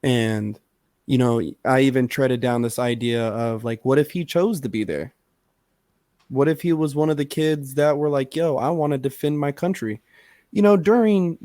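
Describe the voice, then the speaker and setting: A man's voice: a little high, dark tone, no room sound, studio quality. A man co-hosting a podcast, talking in a rambling casual way with lots of fillers and swearing. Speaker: podcast co-host.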